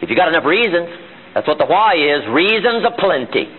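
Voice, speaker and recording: Animated man on tinny seminar tape. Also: fairly high pitch, a little fast, breathy edge. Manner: emphatic, full of rhetorical questions. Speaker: motivational seminar speaker. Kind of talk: live seminar talk. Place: seminar room.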